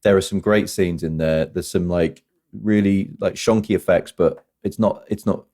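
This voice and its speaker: A man's voice: low-pitched, steady tone, normal speed, warm tone. A man co-hosting a podcast, talking casually and ramblingly about films, often restarting his sentences. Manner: rambling, self-correcting, playful. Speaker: podcast co-host. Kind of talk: casual film chat.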